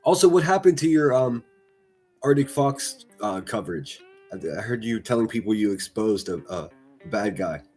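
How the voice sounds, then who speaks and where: A man's voice: fairly low pitch, lively intonation, normal speed, darkish tone, faint music behind. A man hosting a livestream, reacting to clips with mocking, profane, sarcastic commentary.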